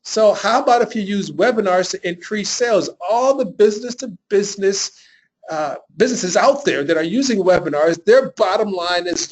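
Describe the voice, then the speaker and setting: A man's voice: sits high, moderate pace, slight background noise, poor audio. A man hosting a live webinar on running a home business, talking with energy to his viewers, often repeating himself and asking them to type answers in the chat. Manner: energetic, repetitive, addresses chat viewers directly. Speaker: webinar host.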